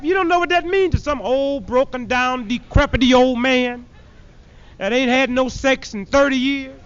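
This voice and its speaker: High-voiced man doing mocking stand-up. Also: normal speed, clear, resonant tone. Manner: punchy, mocking delivery that acts out characters. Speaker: comedian. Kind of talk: stand-up comedy routine. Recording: dull lo-fi 1970s archive recording.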